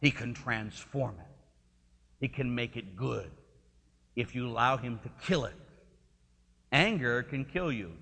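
A man preaching a sermon in an animated, conversational and emphatic way. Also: medium pitch, a little slow, creaky, long pauses, slightly rough, big-room sound.

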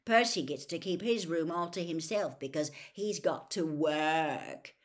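A woman's voice: low voice, unhurried. A woman voicing a grumbling, sarcastic teenage boy wizard in a storybook reading.

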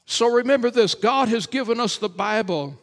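A man, a pastor, preaching a Sunday morning sermon in church, emphatic and repetitive, rising to shouts and then dropping low. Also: lively intonation, normal speed. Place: church service.

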